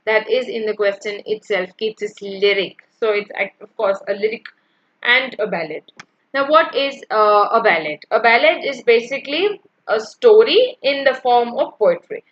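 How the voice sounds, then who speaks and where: A woman's voice: on the high side, moderate pace, dull audio. A woman teacher explaining poetic meter in an exam-prep lecture, checking in with "yeah" and counting out the feet aloud. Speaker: English literature teacher.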